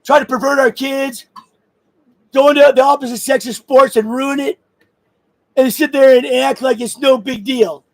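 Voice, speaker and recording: High-voiced man on a profane shouting rant. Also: steady tone, normal speed, poor audio. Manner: angry, crude, bursts of shouting and laughter. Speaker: vlogger. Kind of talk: profane political rant to camera.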